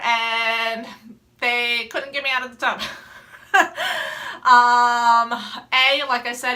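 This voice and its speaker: A young adult woman telling a personal story in a casual vlog, animated and laughing often as she acts out her own quotes. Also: fairly high pitch. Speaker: mom vlogger telling a story.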